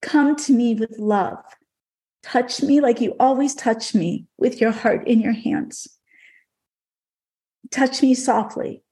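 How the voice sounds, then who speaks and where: A woman voicing a gentle, loving male horse spirit from a dream, speaking softly and patiently. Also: on the high side, slow pace, pauses often. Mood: tender. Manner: soft, patient, tender.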